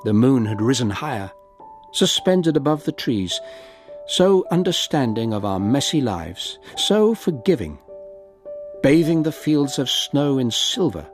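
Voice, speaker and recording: A man reading a story aloud in a measured storytelling manner, lightly voicing the characters. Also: mid-range voice, very animated, faint music behind. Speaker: reader.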